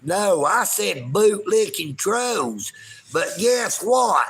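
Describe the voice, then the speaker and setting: A man's voice: high voice, very animated, very slow, fairly bright tone, breathy edge. A man, ranting on a livestream in a folksy, taunting way and talking about himself in the third person. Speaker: live streamer. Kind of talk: livestream rant.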